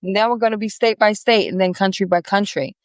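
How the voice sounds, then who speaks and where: A woman's voice: medium pitch, fairly quick, dry recording. A woman guest on a business podcast, chatting in a rambling, friendly way with many restarts. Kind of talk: casual interview chat.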